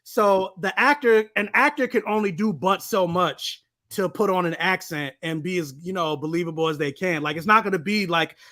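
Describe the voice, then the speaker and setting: A man in a relaxed podcast chat, his voice high and bright. He talks in an easygoing way, reasoning his points through. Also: normal speed, few pauses. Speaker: podcast co-host. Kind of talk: casual chat.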